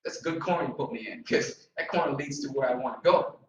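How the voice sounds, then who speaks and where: A man giving an energetic, repetitive motivational seminar talk to a group in a meeting room. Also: medium pitch, fast talker. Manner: energetic, repetitive, preacher-like emphasis. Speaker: motivational trainer. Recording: echoey room, distant mic.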